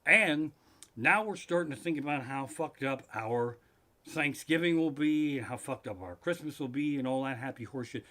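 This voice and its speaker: A middle-aged man hosting a live stream from his living room, telling a profane comic story that builds into loud, swearing rants. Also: medium pitch, animated, normal speed.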